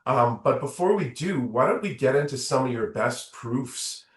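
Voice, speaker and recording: A man's voice: mid-range voice, animated, moderate pace, reverberant. A man hosting a podcast interview, asking eager, rambling questions. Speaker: podcast host. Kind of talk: casual interview.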